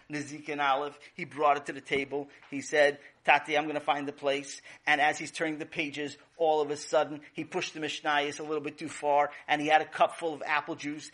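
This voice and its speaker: Animated male storyteller. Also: on the high side. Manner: animated, voices the characters. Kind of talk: children's story narration.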